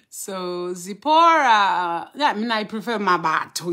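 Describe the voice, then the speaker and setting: Bright-voiced, unhurried woman. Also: on the low side. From Southern Africa. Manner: unhurried, greets viewers one by one by name. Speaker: spiritual teacher hosting a live stream. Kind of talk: live-stream chat and teaching.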